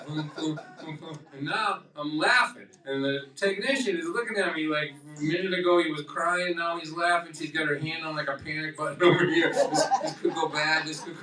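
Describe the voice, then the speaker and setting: An older man performing live storytelling comedy, animated and acting out voices and heartbeat sounds. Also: on the high side, brisk, few pauses, roomy sound, far from the mic, faint music behind, rough recording. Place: coffeehouse stage.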